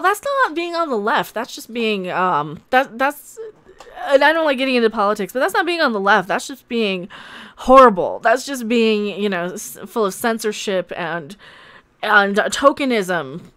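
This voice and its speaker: Candid rambling woman streamer, slightly high. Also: a bit bright. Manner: rambling, candid, swears freely. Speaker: live-stream host. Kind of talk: casual live-stream chat with viewers.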